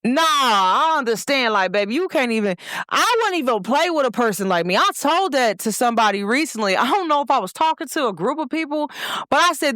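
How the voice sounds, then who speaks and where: A woman's voice: high voice, animated, a little fast, a bit bright, no echo, studio quality. A young woman hosting her own show, giving a casual motivational talk with emphasis and speaking straight to her listeners. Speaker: host.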